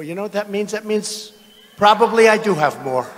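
Older man shouting mockingly in an arena. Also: sits high, lively intonation, normal speed, slight background noise. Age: 70s. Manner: boastful, mocking, bursts into shouting. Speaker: politician speaking at a rally. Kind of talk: political rally speech. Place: large arena with crowd. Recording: arena with long reverb.

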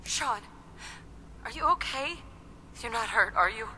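A woman's voice: a little high, lively intonation, unhurried, sharp tone, slight background noise, heavily acted. An actress voicing a game heroine, a mother pleading and urgent as she searches for her lost son. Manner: pleading, urgent, sometimes whispered. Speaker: game protagonist.

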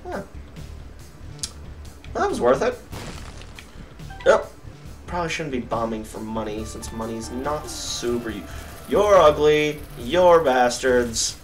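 A young man giving let's play commentary, cursing at enemies and getting excitable. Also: medium pitch, slow pace, long pauses. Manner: profane, excitable, yells at enemies. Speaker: gamer. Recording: distant mic with game music behind.

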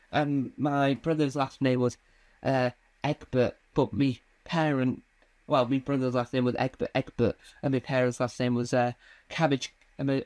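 A man doing a stand-up comedy routine, rambling and halting with many fillers and restarts. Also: on the high side, darkish tone.

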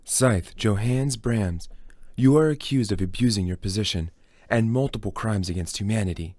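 A calm, menacing young vigilante, read by a man in a low, even voice for an audiobook. He speaks in measured, cold tones, recorded dry and close. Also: no echo, close to an everyday voice. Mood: accusing.

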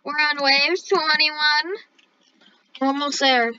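A playful woman hosting a casual gaming video, joking and plugging her channel. Her voice is high and bright. The recording is dull and lo-fi. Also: steady tone, takes it slowly, no room sound. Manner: playful, joking, self-promoting. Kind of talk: casual gameplay chat.

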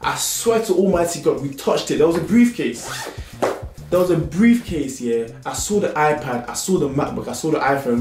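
A young man with a London accent telling a storytime vlog in a lively, slangy way. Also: on the high side, normal speed, faint music behind. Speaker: vlogger. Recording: roomy indoor sound.

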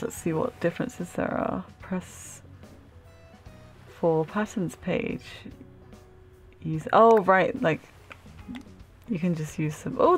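A young woman hosting a gaming channel, giving casual, giggly and excitable commentary while she plays, laughing often. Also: sits low.

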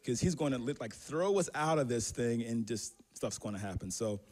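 A man's voice: mid-range voice, animated, moderate pace, a little mellow. A man preaching a sermon as pastor, telling a personal story in a conversational, self-deprecating way with many fillers and restarts.

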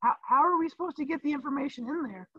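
A man putting on the voice of a whiny, sassy young student girl who pleads in a high tone. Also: quick pace, no echo. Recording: dull lo-fi dry sound.

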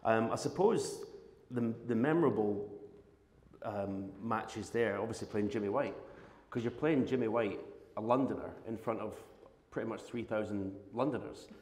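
A man's voice: on the low side, normal speed, darkish tone. A Scottish man in his fifties, a former snooker champion, telling rambling stories with restarts and laughs on a live podcast stage. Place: large arena in front of an audience. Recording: echoey live venue with long reverb.

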